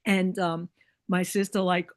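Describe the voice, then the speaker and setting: A woman's voice: lowish voice, level tone, measured pace, no room sound. A woman chatting as a podcast guest, telling a long personal story full of likes and you-knows and acting out what people said. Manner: chatty, many likes and you-knows, acts out quoted voices. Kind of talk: casual storytelling chat.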